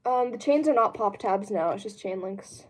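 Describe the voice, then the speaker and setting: A young female streamer with an animated, medium-pitched voice speaks at a moderate pace from her room at home, answering a live chat. She rambles casually, fills gaps with lots of ums, and occasionally laughs.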